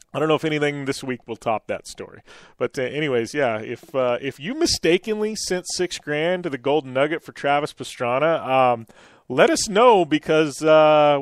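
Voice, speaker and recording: A middle-aged man hosts a motorsports-style radio show and rambles through a story, full of restarts and "um"s. His voice sits a little high for a man. The recording is dry and close, with no room sound. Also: clean tone, dry recording. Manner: rambling, many fillers and restarts. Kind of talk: casual radio chat and storytelling.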